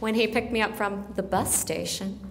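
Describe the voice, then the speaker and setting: A woman's voice: medium pitch, moderate pace, vocal fry, a little hiss or hum. A woman giving a blunt, joking conference talk to a roomful of people. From Alabama, grew up in Colorado. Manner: brash, blunt and joking, mimics Southern phrases. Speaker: keynote speaker. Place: large meeting room with audience. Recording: echoey hall with long reverb.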